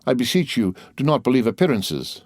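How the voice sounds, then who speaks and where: A man's voice: mid-range voice, big pitch swings, fairly quick, darkish tone, no echo, clean studio sound, pitched above the performer's own voice. A man voicing a terrified young woman who pleads and stammers in an audiobook. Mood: begging. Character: terrified young female poisoner, pleading wife. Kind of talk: audiobook character voice.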